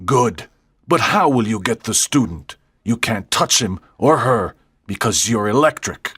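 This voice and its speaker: A man plays a commanding alien leader who barks urgent orders from a video screen in a storybook audio drama. His voice is husky and rough-edged, and the sound is close and dry. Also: fairly low pitch, very animated, measured pace, fairly bright tone, no echo, exaggerated voice. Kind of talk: graded-reader audiobook drama.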